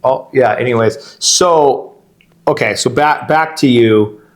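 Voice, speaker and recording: A middle-aged real estate agent co-hosts a podcast, chatting casually through long, rambling stories that he keeps interrupting and restarting, laughing along the way. His voice is mid-range and his pace slow.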